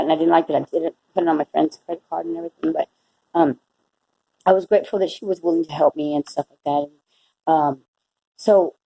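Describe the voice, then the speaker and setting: Middle-aged woman, mellow tone, rambling heartfelt faith vlog, lots of restarts. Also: medium pitch, rough recording. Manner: rambling, emotional, frequent restarts. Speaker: Christian vlogger. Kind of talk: casual personal testimony.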